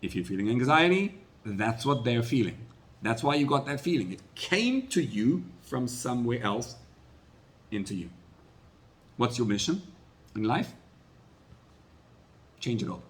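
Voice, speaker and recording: Animated rabbi preaching. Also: male voice, medium pitch, measured pace, pauses often. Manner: animated preacher, rising to loud emphatic peaks then dropping to quiet asides. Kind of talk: sermon.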